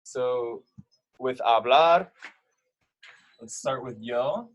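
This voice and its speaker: A man's voice: mid-range voice, drawn-out words, rough recording. A man explaining verb endings to young learners, taking his time. He works through each point step by step with plenty of fillers along the way. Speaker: Spanish teacher. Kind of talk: explaining grammar to young students.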